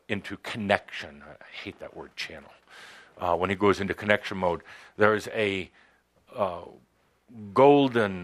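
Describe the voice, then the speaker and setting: Slow, halting man teaching a spiritual workshop. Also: fairly low pitch. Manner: halting, hesitant with many pauses and fillers. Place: studio with a live audience.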